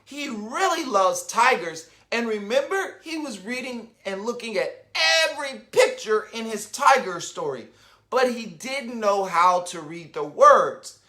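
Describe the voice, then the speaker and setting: A man reading a children's picture book aloud, his voice bright and ringing as it leaps up and down in pitch. He takes his time, unhurried and patient. He keeps turning to his young listeners with questions and pauses to wonder. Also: animated.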